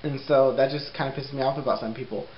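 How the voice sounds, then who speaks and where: A young man vlogging at home in a casual, rambling way, laughing often and filling pauses with ums. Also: medium pitch, steady tone. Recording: roomy, dull lo-fi sound with faint hiss.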